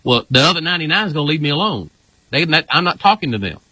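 A male pastor with a bright, forceful voice that has a husky edge. He explains things in an emphatic, repetitive way, and the sound is close and dry. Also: a little high, big pitch swings, racing, no echo, poor audio. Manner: emphatic, repeats "this here". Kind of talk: casual teaching talk.

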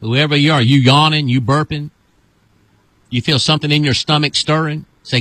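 A man, a pastor, leading a deliverance prayer with commanding repeated calls and sudden high whoops. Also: fairly even intonation, normal speed, fairly bright tone, no echo.

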